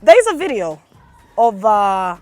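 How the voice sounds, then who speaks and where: A woman's voice: mid-range voice, sing-song, a little slow, a little mellow, faint music behind. A young woman with a Ugandan accent, ranting indignantly and sarcastically to her viewers with heavy emphasis. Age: young adult. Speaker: vlogger. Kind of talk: opinion rant to camera.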